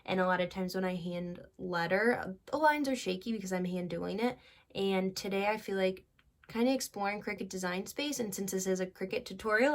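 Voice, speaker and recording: A woman in her twenties hosting a casual crafting tutorial, chatty and thinking aloud as she works. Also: medium pitch. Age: 20s. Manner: chatty, gushing, talks to viewers as "guys".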